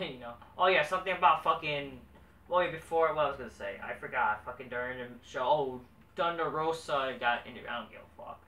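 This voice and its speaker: A man rants through a wrestling show review, swearing constantly. His voice is bright and forceful. He sits back from the mic in an echoey room with a faint hum behind him. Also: medium pitch, fairly quick, far from the mic. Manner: profane, exasperated, swears constantly. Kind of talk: casual ranting review.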